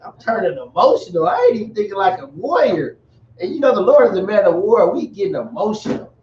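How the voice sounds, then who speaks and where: A man's voice: sits high, very animated, quick pace, darkish tone. A man giving a casual, rambling religious lesson with jokey asides. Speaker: religious teacher. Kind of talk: casual teaching talk. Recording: echoey dull recording from far off.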